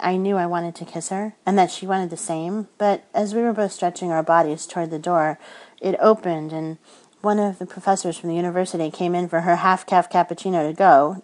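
A woman narrating a first-person romance audiobook in a soft, intimate storytelling manner. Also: fairly low pitch, fairly quick, rough recording.

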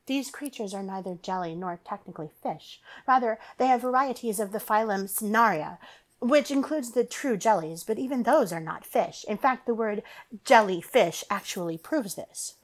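Storybook android man, smooth and formal, a woman reading him. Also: medium pitch, animated, normal speed, close to an everyday voice. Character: polite male synthetic officer, precise and formal.

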